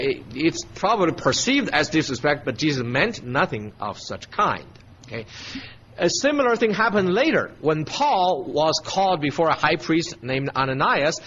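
Animated man teaching scripture. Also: on the high side, lo-fi sound, a little hiss or hum. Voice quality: emphatic, checks in with frequent "okay?". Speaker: Bible teacher. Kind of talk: verse-by-verse Bible teaching.

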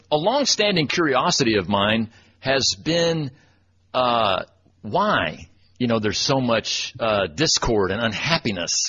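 A folksy man from Texas, chuckling and self-deprecating as he tells a story to a church group. His voice sits at a middle pitch. The recording is dull and lo-fi with a faint hiss behind it. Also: a bit bright. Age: 40s. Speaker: church speaker and webmaster.

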